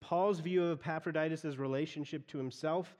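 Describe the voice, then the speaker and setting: A man's voice: fairly high pitch, steady tone, fairly quick, darkish tone. Man preaching in a reverberant hall. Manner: expository, repeats phrases while explaining. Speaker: pastor. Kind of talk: sermon.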